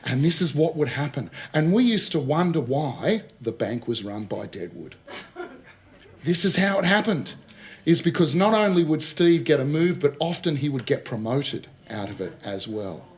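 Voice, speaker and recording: A man's voice: fairly high pitch, moderate pace. A middle-aged man giving a casual talk on recruitment, telling anecdotes, acting out the dialogue and often checking in with his listeners. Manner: lively storyteller who acts out dialogue and keeps checking with "all right?". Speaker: speaker on recruitment.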